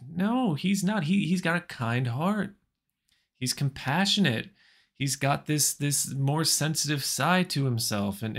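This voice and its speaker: A man's voice: medium pitch, a bit bright. An American man telling a comic story in a rambling way, stumbling and repeating words, with dry sarcasm. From United States.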